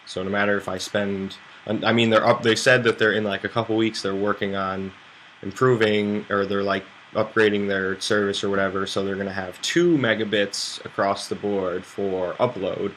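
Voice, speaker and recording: A young American man talking casually on a poker stream, rambling and swearing as he reads chat. His voice sits fairly low but has a bright, forceful edge. A faint hum of room noise stays underneath. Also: fairly even intonation, moderate pace. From United States. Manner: rambling, loose and chatty, swears freely.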